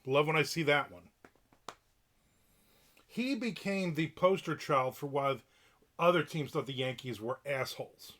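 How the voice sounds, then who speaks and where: A man's voice: a little high, a little slow, long pauses, a bit bright. A middle-aged man hosting a livestream, giving a casual rant in a blunt, profane and opinionated way. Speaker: livestream host.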